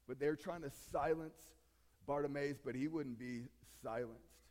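A man's voice: on the high side, normal speed, a little mellow. A male pastor giving a conversational sermon and now and then acting out the voices in the story. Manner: conversational preaching, acts out voices. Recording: long hall reverb.

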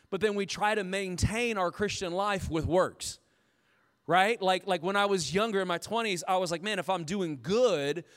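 A man in his thirties preaching a sermon as pastor, telling stories in an animated way and quoting himself. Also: sits high, clear, resonant tone. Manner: animated, storytelling with self-quotes. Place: church auditorium. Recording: long reverb of a large hall.

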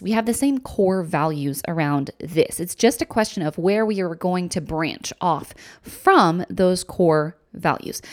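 Woman hosting a music teaching podcast, calm and methodical, breaks ideas down step by step. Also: mid-range voice. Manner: clear, methodical, explains step by step. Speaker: music education podcast host. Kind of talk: explanatory podcast lecture.

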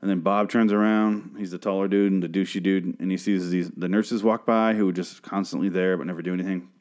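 A man recapping a TV episode in a casual monologue, rambling and profane, breaking off to act out the characters' lines in animated voices. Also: low-pitched, fairly quick. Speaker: show recapper.

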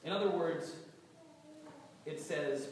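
Brief: New England-accented male preacher with a cold, chatty and wry, mid-pitched voice heard from far off in a reverberant hall with steady noise. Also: slow. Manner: conversational, gently humorous, stumbles and repeats words. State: has a cold. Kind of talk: sermon. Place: large church hall.

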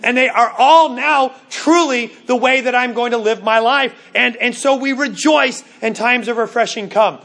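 Brief: male pastor, high voice, earnest sermon delivery, slows to stress points. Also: a bit bright. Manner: earnest, stumbling restarts, slows for emphasis.

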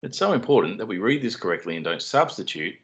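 Deep-voiced man explaining scripture. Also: sing-song, a bit bright. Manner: measured, explanatory, dry humor. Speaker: podcast co-host explaining scripture. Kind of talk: teaching Bible study podcast. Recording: dull lo-fi sound.

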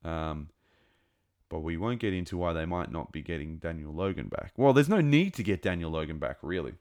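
A man's voice: low voice, expressive, a little fast, darkish tone, no room sound. A man with an accent close to New Zealand, hosting a podcast of casual fan commentary, rambling and enthusiastic with many fillers and restarts. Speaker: podcast host.

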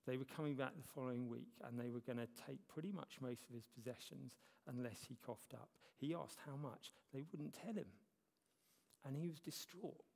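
In a church hall with long reverb, a church elder preaches a sermon conversationally, using self-deprecating humor. His voice is medium-pitched and creaky with a darkish tone, delivered at normal speed.

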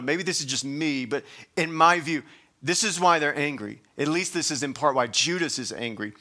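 Man, pastor, sermon, bright forceful tone, fairly high voice, conversational, repeats words. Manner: conversational preaching with frequent restarts and rising emphasis.

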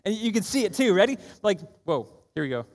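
A man preaching a sermon in a church auditorium, energetic and conversational, often asking the room if they are ready. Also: sits high, quick pace. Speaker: pastor. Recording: long church hall reverb.

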